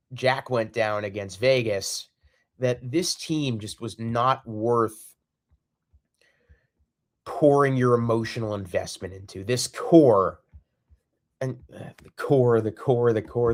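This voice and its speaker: A man hosting a solo sports podcast, ranting in an exasperated, repetitive and emphatic way. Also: mid-range voice. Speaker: podcast host.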